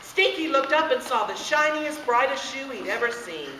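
A woman telling a made-up children's story in an expressive, sing-song way. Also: high-pitched, normal speed, a crowd in the background. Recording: echoey room, distant camera mic, background noise.

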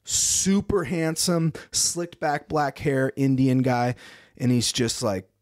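A young adult man telling his story as a podcast guest, animated, acting out other people's lines and laughing often. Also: mid-range voice, slow, no room sound, studio quality. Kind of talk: casual storytelling.

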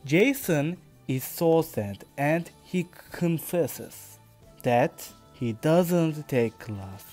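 A man with a Turkish accent, a podcast host, reads his own story aloud carefully and deliberately for English learners, now and then correcting himself. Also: a little high, expressive, a little mellow, faint music behind. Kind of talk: slow read-aloud narration for English learners.

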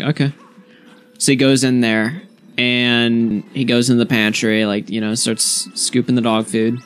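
A young man casually telling a story to his stream chat, rambling and swearing, with lots of "like". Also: mid-range voice. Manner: rambling, profane, heavy use of "like".

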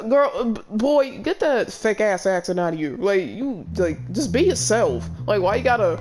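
A woman commentating her gameplay in a brash, loud, cussing way, constantly talking back at the characters on screen. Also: medium pitch, sing-song, moderate pace, hardly any pauses. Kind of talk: let's play commentary.

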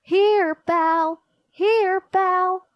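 A woman's voice: high-pitched, very animated, slow pace, no echo, clean studio sound, heavily acted. A woman voicing a kind, worried young boy in a read-aloud storybook. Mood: earnest. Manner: earnest, anxious calling.

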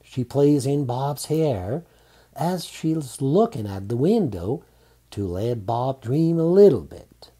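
A man narrating a romantic audiobook in a calm, unhurried reading. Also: medium pitch, slightly rough.

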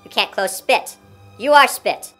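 A woman's voice: medium pitch, measured pace, pushed and bright, faint music behind. A woman playing a brash, abusive male sales boss from the North Pole in an amateur comedy parody, swaggering and berating.

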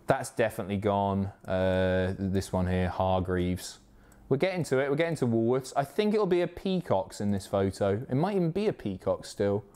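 Lively, excitable man streaming. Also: fairly low pitch, normal speed, clear, resonant tone. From Isle of Wight, England. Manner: excitable, sweary, reads chat aloud. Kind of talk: casual live-stream chat.

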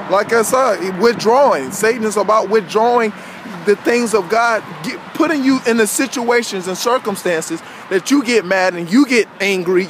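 A man giving a casual, conversational sermon, constantly checking in with his listeners as he preaches. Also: high-pitched. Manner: conversational, peppered with "you know what I'm saying". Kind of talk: informal street-style sermon. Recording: outdoor traffic noise behind voice.

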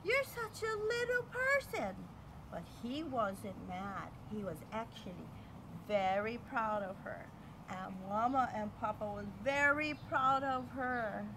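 A woman telling a story to a child, animated, acting out voices and sound effects. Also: mid-range voice, slow pace. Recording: noisy home recording.

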